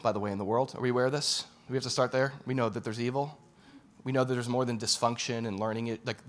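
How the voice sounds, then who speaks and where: A man preaching a sermon as pastor, animated and casual, repeating phrases for emphasis. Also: medium pitch.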